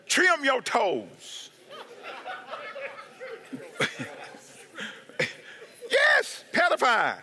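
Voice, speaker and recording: Preacher guy cracking jokes, whoops and laughs, slow drawn-out talk, big echoey hall. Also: very high voice. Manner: animated, laughing, shouts of woo, asks for amens. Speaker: pastor. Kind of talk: humorous sermon.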